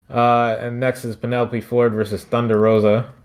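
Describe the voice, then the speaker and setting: A man's voice: mid-range voice, little pitch movement, moderate pace, hardly any pauses. A man from Philadelphia hosting a podcast, recapping wrestling in a loose, profane, rambling way. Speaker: podcast host. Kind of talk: casual wrestling recap chat.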